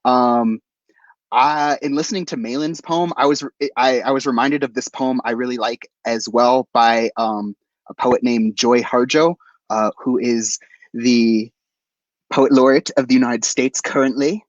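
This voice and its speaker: Man, poet, slow unhurried pace, hesitant fillers, dry lo-fi video call audio. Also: medium pitch, no echo. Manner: relaxed, hesitant with many fillers. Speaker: poet at open mic. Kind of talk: casual intro then poetry reading.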